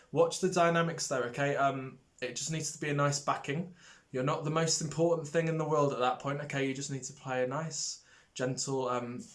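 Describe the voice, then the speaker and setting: A man teaching brass players in a recorded lesson, friendly and hesitant, with many ums, singing rhythms out as "da". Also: medium pitch. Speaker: music teacher.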